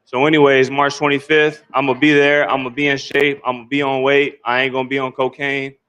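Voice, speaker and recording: A man's voice: medium pitch, flat delivery, brisk, a bit bright, smooth, poor audio. A boxer at a press conference, cool and mocking as he lectures his rival's camp. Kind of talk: press conference trash talk.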